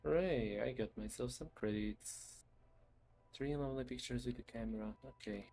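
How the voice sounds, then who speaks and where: A man playing his own game on stream, muttering quiet casual commentary to himself. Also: medium pitch, normal speed, vocal fry.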